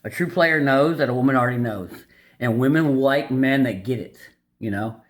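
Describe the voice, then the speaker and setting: A mid-range male voice at normal speed hosts a video recapping a dating-advice book. His casual, unscripted remarks are blunt and opinionated, and he rambles, often using fillers and restarting.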